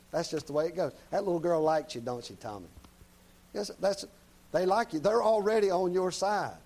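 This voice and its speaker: A man preaching a sermon in a folksy, plain-spoken way, often checking in with the congregation with quick tag questions. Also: high voice, a little mellow, rough recording.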